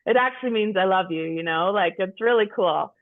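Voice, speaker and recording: A woman's voice: mid-range voice, brisk. A middle-aged woman candidly sharing personal stories with a group, frank and profane, rambling with restarts. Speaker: group participant. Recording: tinny phone-like sound.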